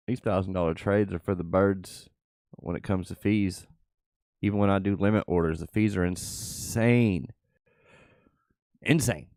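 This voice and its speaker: A man's voice: low-pitched, vocal fry, darkish tone, no echo. A man hosting a channel, casually talking through his trades live and muttering offhand remarks to himself. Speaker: channel host and crypto trader. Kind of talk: casual live commentary while trading.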